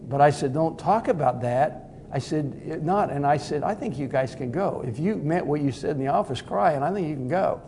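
Middle-aged male preacher, folksy storyteller, mellow tone. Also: fairly high pitch, lively intonation, normal speed, hardly any pauses, a little hiss or hum. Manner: folksy, conversational storytelling with fillers and repeated "he said". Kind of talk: sermon with storytelling.

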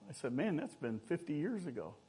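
An older man preaching from the pulpit, his voice sitting a little high for a man. He tells homespun stories with a light, joking touch, then lifts into earnest exhortation. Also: very animated, fairly quick, warm tone, slightly rough. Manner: folksy storytelling with humor and rising exhortation. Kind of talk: sermon.

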